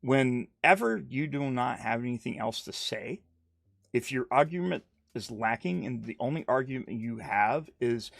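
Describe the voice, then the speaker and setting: A man's voice: mid-range voice, animated, moderate pace, creaky, dry recording. A man giving rambling, casual streamed commentary, repeating himself and mocking others in put-on quotes. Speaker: YouTube commentator.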